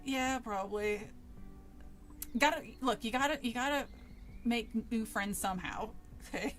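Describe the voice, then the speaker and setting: A woman's voice: a little high, a little slow, fairly bright tone, soft background music. A woman streamer reading a spooky book aloud with casual asides to chat, laughing often and swearing freely.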